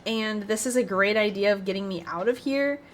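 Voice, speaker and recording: A woman's voice: medium pitch, normal speed, natural voice. A woman reading the part of a young noblewoman planning an escape, earnest and a little dramatic, in a game quest. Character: young noblewoman, scheming and hopeful.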